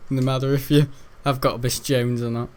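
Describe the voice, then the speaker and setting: While playing a game, a young man from Britain giggles and rambles through a story about school. The gaming host's voice is mid-range and darkish, with a flat delivery and moderate pace.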